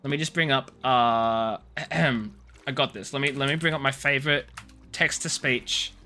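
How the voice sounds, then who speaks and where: Bright-voiced man, playful streamer. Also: mid-range voice, fairly even intonation, measured pace, slight background noise. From Australia. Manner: playful, teasing, rambling with many restarts. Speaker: game streamer. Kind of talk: casual live-stream chat.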